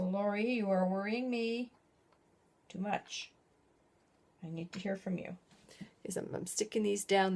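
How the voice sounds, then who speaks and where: A middle-aged woman with a warm, medium-pitched voice hosts a casual craft video from home. She chats and rambles while working, frequently cutting herself off mid-thought in this relaxed tutorial.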